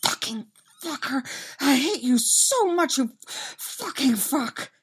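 A woman voicing a frantic, foul-mouthed teenage boy who shrieks and yells. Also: sits high, big pitch swings, takes it slowly, voice pushed up, full character voice. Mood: furious cursing.

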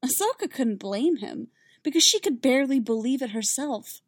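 A woman reads a story aloud in a steady, measured voice. Her pitch sits in a middle range. The recording is dry, with no room sound. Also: no echo. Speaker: reader. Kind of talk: reading fan fiction aloud.

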